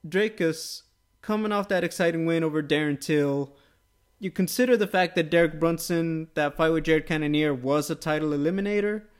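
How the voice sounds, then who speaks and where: A man hosting a casual MMA podcast, talking quickly and upbeat, tossing questions to his co-host. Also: a little high, clear, resonant tone. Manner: quick, upbeat, conversational with quoted asides. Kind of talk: casual sports chat.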